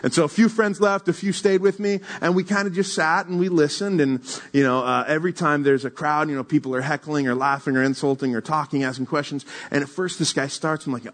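A man preaching a sermon, telling a story with lively acted-out quotes and then reading scripture to the congregation. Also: on the high side, quick pace, few pauses. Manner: animated storyteller, acts out quotes. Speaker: pastor.

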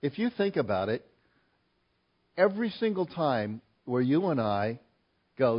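A male pastor delivers a sermon in a medium-pitched voice, hammering his key points with rising force. The recording is somewhat dull and lo-fi. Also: animated, unhurried.

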